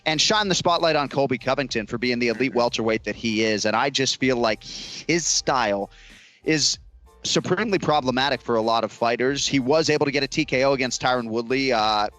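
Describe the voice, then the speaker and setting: Polished male host with a mid-pitched voice. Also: fairly bright tone, rough recording. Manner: polished, leads questions. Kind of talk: presenting.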